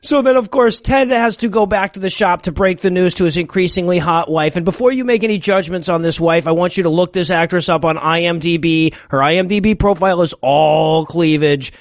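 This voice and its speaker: Man, high voice, sarcastic, swearing podcast co-host, dry close sound. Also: brisk, hardly any pauses, no room sound. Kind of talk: casual comedic movie riffing.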